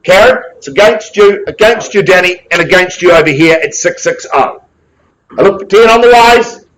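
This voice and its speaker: Brief: male NZ auctioneer, jovial, brisk calls, light banter with the room. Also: sits high, lively intonation, fairly bright tone, rough recording. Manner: brisk, jovial patter with quick asides to bidders. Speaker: real estate auctioneer. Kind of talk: live property auction calling. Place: auction room with bidders present.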